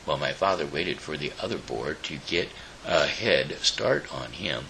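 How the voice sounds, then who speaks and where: A man reads a children's storybook aloud, haltingly and with small slips. His very low voice is gravelly yet bright, and it moves widely in pitch. He takes his time, and a faint hiss sits under the recording. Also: lively intonation, low-quality recording. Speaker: show host.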